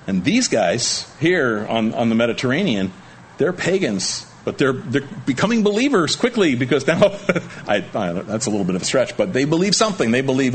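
Male pastor, animated verse-by-verse sermon, lively pitch, light background hiss. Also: moderate pace. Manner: animated, conversational, jumps to high pitch for quotes. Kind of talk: sermon, expository Bible teaching.

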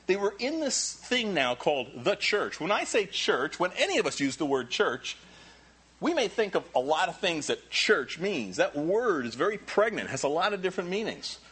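A man preaching a sermon as pastor, animated and repeating key phrases for emphasis. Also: on the high side, slightly rough.

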